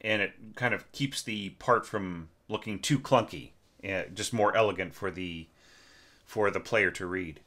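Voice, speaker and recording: A man teaching orchestration, talking through a student's score in a casual, conversational way with lots of fillers, while congested and clearing his throat. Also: low-pitched, unhurried, sharp tone. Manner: conversational, many fillers and tag questions. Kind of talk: casual spoken score critique.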